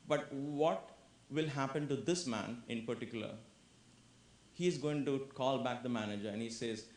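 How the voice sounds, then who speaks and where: A man's voice: mid-range voice, moderate pace. A man giving a spiritual lecture, telling anecdotes and acting out their voices. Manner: animated storyteller, acts out voices. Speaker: yoga lecturer. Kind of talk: public lecture with acted anecdotes. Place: lecture hall. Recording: echoey lecture hall.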